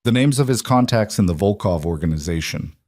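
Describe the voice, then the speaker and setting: A smooth, cold mob interrogator presses his questions without hurry, as a male narrator voices him. The voice sits low and dry, calm menace in every line of the storybook telling. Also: brisk, dry recording.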